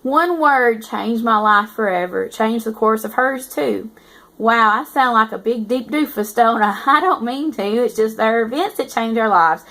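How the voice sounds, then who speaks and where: Woman voicing a teasing young male narrator, storybook reading, higher pitch. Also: normal speed, a bit bright. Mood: amused. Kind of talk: reading a novel aloud.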